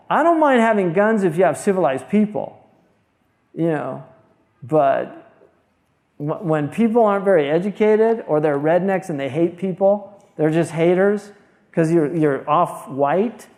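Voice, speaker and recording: A man's voice: high voice, gravelly, darkish tone. An American man giving an informal religious lecture, talking bluntly and conversationally with many restarts and asides. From United States. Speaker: Islamic scholar lecturing.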